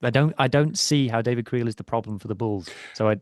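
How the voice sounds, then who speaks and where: Man, mid-pitched, playful podcast co-host, dry close recording. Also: quick pace, dry recording. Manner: playful, laughs often. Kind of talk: casual chat.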